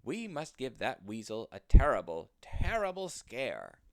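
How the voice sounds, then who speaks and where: A man's voice: a little high, huge pitch swings, normal speed, pushed and bright, no echo, voice pushed up, heavily acted. A man voicing a wise male red squirrel in a storybook reading, raised and emphatic as he lays out a plan. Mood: determined.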